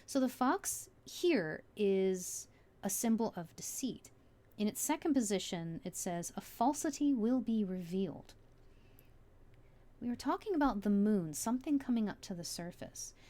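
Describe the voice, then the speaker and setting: A woman's voice: mid-range voice, animated, unhurried, mellow. A woman giving a casual tarot reading, musing aloud with many fillers as she turns the cards. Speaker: tarot reader.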